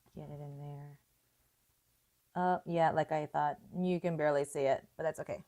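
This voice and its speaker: A woman's voice: sits low, fairly even intonation, normal speed, warm tone. Chatty woman hosting a live painting lesson. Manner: chatty, laughs often, thinks aloud. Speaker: art tutorial host. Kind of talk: live painting tutorial chat.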